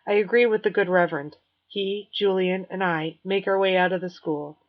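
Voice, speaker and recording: A woman reading a novel aloud in first person as an audiobook narrator, measured and clear. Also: medium pitch, fairly even intonation. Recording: dull lo-fi recording.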